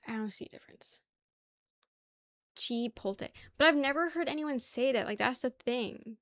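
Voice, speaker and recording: Recorded dry, this young woman speaks fairly quickly in a high, slightly bright voice. She hosts a casual stream, talking loosely with viewers and dropping swears and laughs often.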